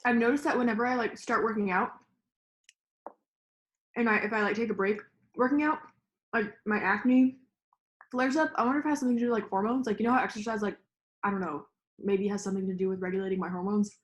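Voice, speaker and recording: A woman's voice: mid-range voice, steady tone, quick pace, long pauses, roomy sound. A young woman in her twenties co-hosting a casual mukbang chat, swearing freely and filling her talk with "like". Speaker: mukbang co-host. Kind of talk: casual chat while eating.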